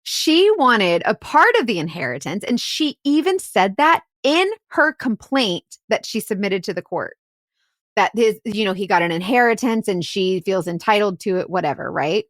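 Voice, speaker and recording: Female podcast co-host, chatty storyteller, lively sing-song delivery, dry close mic. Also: normal speed, dry recording. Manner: animated storyteller, acts out quotes in shrill outbursts, many "like"s and "right?"s. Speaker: podcast co-host and private investigator. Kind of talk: casual storytelling chat.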